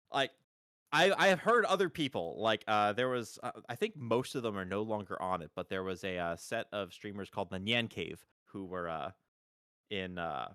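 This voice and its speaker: Lively man explaining patiently. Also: lowish voice, clear, resonant tone, no echo, clean studio sound. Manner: patient, explanatory, corrects pronunciation like a teacher; animated, emphatic repetitions. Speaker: stream co-host. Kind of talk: casual chat on a live stream.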